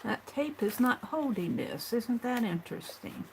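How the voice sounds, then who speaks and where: A woman's voice: fairly high pitch, lively intonation, measured pace, creaky, a little mellow, a little hiss or hum. A woman hosting a casual morning art livestream, chatting to herself and her viewers as she works at her craft table. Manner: chatty, talks to herself while working. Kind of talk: casual chat while crafting.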